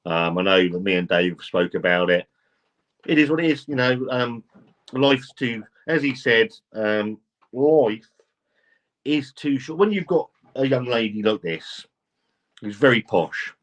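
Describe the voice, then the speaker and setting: A man's voice: mid-range voice, animated, measured pace, fairly bright tone. A man hosting a live stream, reading out viewer comments and chatting casually, swearing now and then. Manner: chatty, swears casually, reads chat aloud. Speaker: livestream host.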